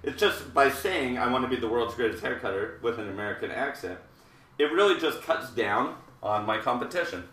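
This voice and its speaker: Jokey bright-voiced man, roomy distant sound. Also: mid-range voice, animated, a little fast. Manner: rambling and jokey, with many fillers and asides. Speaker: hairdresser hosting a live haircutting show. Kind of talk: casual live-stream chat while demonstrating a haircut. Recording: roomy, distant live-stream audio.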